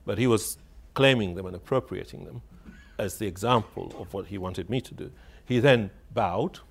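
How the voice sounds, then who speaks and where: A man's voice: lowish voice, normal speed, creaky, breathy edge. A man speaking in a reflective, hesitant way, often repeating words as he searches for his phrasing, and laughing wryly as he tells a story. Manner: wry, laughs while telling a story. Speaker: author interviewed on radio. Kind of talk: reflective spoken reminiscence.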